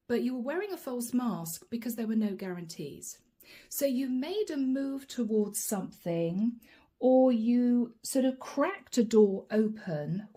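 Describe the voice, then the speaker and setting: A woman's voice: fairly high pitch, expressive, a little slow, mellow. A woman giving a channeled tarot reading, chatting straight to her viewers and laughing often. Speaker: tarot reader.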